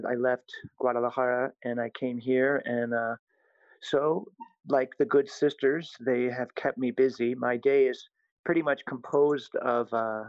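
Animated priest telling funny stories. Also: male voice, mid-range voice, dry recording. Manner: animated, laughing at his own stories. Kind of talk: casual storytelling. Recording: slightly dull, dry audio.

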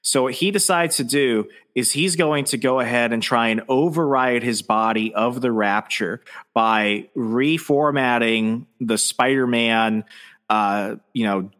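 A man's voice: medium pitch, fairly bright tone. A man co-hosting a podcast, casually recapping a comic with loose, profane storytelling. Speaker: podcast co-host. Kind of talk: casual comic book discussion.

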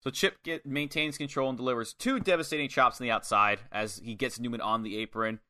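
A young man with a bright, mid-pitched voice, walking through a wrestling match move by move. His talk is relaxed and loose, with swearing dropped in freely. He sounds like a regular chatting with a friend. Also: brisk. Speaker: podcast co-host. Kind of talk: casual wrestling review chat.

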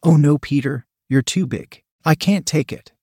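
A man's voice: a little high, normal speed, dark tone, slightly rough, dry recording, clean studio sound. A man reading as an eager, pleading woman lover.

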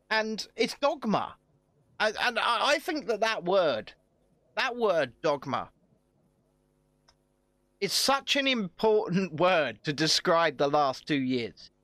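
A man's voice: sits high, very animated, slow pace, pauses often, fairly bright tone, dry recording. A man on a video call, chatting casually and ranting with heavy swearing. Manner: profane, ranting, grows heated and emphatic. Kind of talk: casual online chat.

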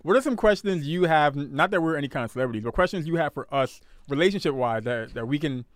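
A man's voice: fairly high pitch, lively intonation, fast, dry recording. A young man casually hosting a live stream with his fiancée, teasing her and greeting viewers, often repeating words as he talks. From Guyanese heritage.

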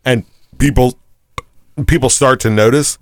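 A man's voice: medium pitch, fairly even intonation, unhurried, no echo, studio quality. A man co-hosting a casual podcast chat, easygoing and agreeable, swearing now and then. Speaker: podcast co-host. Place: room near Woodbridge, Virginia.

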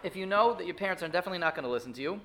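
A man giving a Torah class, lively and full of rhetorical questions, often restarting his sentences. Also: high voice, racing. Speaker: rabbi teaching a weekly class.

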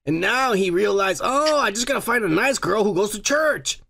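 A man's voice: sits high, animated, normal speed, gravelly, sharp tone, a little hiss or hum. A man co-hosting a podcast in casual chat, crude and rambling, repeating "yeah, yeah, yeah". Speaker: podcast co-host.

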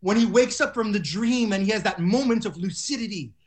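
A woman's voice: mid-range voice, a little fast, a little mellow. A woman in casual banter, playful and teasing.

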